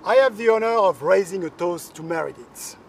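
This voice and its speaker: A man's voice: high voice, expressive, a little fast, gravelly. A man with a French accent giving a light, joking video toast as a company chief, speaking outdoors on a terrace. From France. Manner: light joking, then formal. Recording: distant mic with faint outdoor noise.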